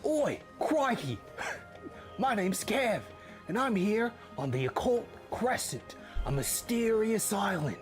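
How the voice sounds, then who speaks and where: A man's voice: high-pitched, very animated, faint music behind, voice pushed up, exaggerated voice. A man putting on a hammy Aussie wildlife presenter. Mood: goofy. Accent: put-on Australian. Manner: slow, exclaiming, laughs between lines. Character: boisterous male wildlife presenter, Aussie-style impression.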